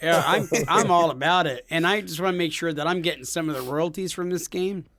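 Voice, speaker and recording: A man with a high voice co-hosting a gaming podcast in loose, casual chat. He jokes around constantly and often laughs mid-sentence. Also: brisk, a bit bright, a little hiss or hum. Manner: joking, laughs while talking. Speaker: podcast co-host.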